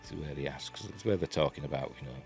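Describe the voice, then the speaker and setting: This TV episode reviewer, a fast-talking Yorkshireman with a deep, low voice, rambles comfortably through his casual review. "You know" and "um" keep popping up between his thoughts, with faint music audible underneath.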